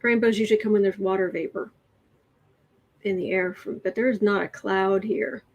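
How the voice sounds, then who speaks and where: A woman's voice: medium pitch, fairly even intonation, moderate pace, darkish tone, dull audio. A woman hosting a casual livestream, reading tarot cards and reacting to the news with musing, trailing thoughts, sardonic asides and occasional dips into a whisper. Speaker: tarot reader and livestream host.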